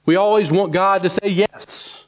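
A man preaching a sermon who climbs high and quick for mock complaints, then sinks low and slow on scripture. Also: fairly even intonation.

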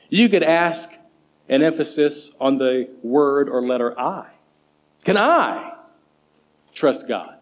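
Pastor guy preaching, kinda high voice, really animated, punches certain words. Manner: emphatic, stresses single words with rising pitch. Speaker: associate pastor and children's director. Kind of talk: sermon.

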